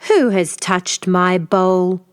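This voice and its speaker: A woman voicing a big, gruff father bear who growls his words slowly in a storybook reading. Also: on the low side, no echo, clean studio sound. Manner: slow growling delivery.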